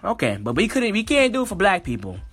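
This is a man delivering a passionate one-man commentary in a somewhat high voice. He reads short passages and then breaks off to argue with rising emotion. He circles back and repeats phrases to drive his points home. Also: wildly swooping pitch, quick pace, a bit bright, breathy edge, faint music behind. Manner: emotional, worked-up, repeats himself. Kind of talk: impassioned solo commentary.

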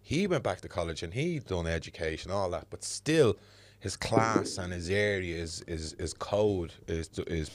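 A man's voice: low voice, animated, measured pace, no echo. A middle-aged Dublin man hosting a podcast, talking earnestly and reflectively with plenty of fillers. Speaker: podcast host. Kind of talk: casual podcast conversation.

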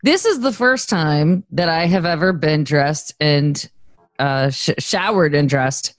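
A woman's voice: low voice, animated, takes it slowly, no room sound. A woman co-hosting a podcast in casual chat, rambling and chatty as she promotes her project. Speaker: podcast co-host.

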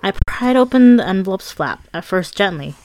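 A woman's voice: mid-range voice, animated, moderate pace, a little mellow, no echo. A woman narrating her own memoir with a candid, wry, conversational manner.

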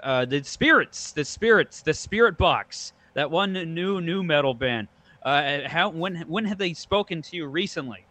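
A man's voice: on the high side, lively intonation, unhurried, sharp tone, no room sound. A man co-hosting a podcast in casual comedic chat, crude and joking, riffing on silly bits. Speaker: podcast co-host.

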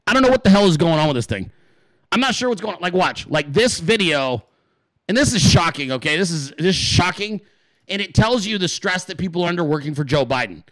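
Animated, foul-mouthed male podcast host. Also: high-pitched, fairly quick, dry recording. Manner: animated, swears a lot, acts out voices in his stories. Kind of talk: casual profane rant.

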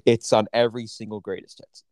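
A man's voice: fairly low pitch, flat delivery, fairly quick, a little mellow, no echo. A man co-hosting a podcast in casual chat, enthusiastic and opinionated, with lots of fillers. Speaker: podcast co-host.

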